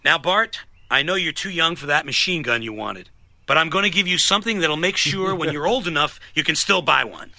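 A brash showman inventor, gravelly. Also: a little high, a little fast, pushed and bright, no room sound, full character voice. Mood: generous. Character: Herb, brash rich inventor uncle, middle-aged.

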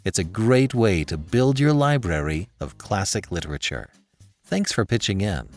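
A man narrating a classic story as an audiobook host, with expressive storytelling. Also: on the low side, normal speed, soft background music.

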